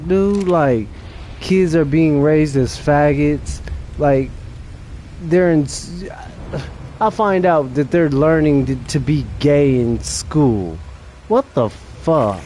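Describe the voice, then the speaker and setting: Slow-talking man streamer, higher voice. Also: darkish tone, slight background noise. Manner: rambling, profane, with frequent restarts and laughs. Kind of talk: casual chat while streaming a game.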